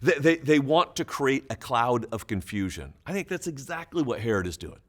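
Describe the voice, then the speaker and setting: A man's voice: medium pitch, lively intonation, moderate pace. A man pastor giving Bible teaching for small groups, explaining emphatically with occasional chuckles.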